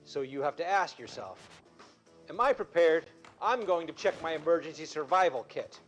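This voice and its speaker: Jumpy, high-pitched end-of-the-world pitchman, theatrical alarmist sketch comedy, music faintly under. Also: lively intonation, normal speed. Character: overexcited man in a doomsday millennium-bug video.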